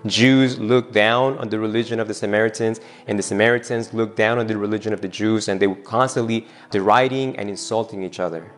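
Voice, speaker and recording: A man preaching a sermon, retelling a scripture scene in a storytelling way and voicing the people in it. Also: lowish voice. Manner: retells the scripture scene, acting out both speakers' lines. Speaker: pastor.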